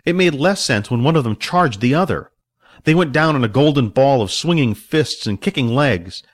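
A man's voice: medium pitch, animated, moderate pace. A man reading a story aloud as narrator, voicing the characters himself. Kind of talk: audiobook narration with voiced characters.

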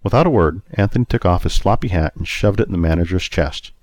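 A man narrating a story in a steady, even reading voice. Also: sits low, fast talker.

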